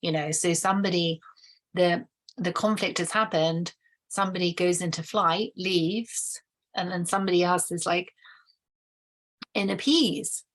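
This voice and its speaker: A woman with a fairly low voice talks through relationship conflict at an easy pace. She is thoughtful and casual, restarting her sentences now and then. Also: fairly even intonation, a little slow, pauses often. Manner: thoughtful, acts out quoted voices, many restarts. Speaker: relationship educator. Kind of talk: explaining to camera, casual.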